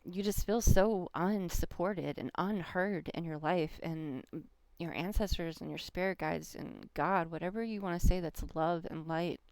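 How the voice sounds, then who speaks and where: Gravelly-voiced woman telling a story. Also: lowish voice, a little slow, dry recording. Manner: animated storyteller, acts out quoted voices. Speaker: tarot reader. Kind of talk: personal storytelling to viewers.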